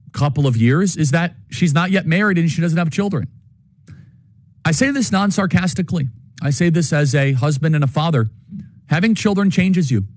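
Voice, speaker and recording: A man's voice: on the high side, no echo, studio quality. A man giving an opinion monologue as a political commentator, earnest and insistent.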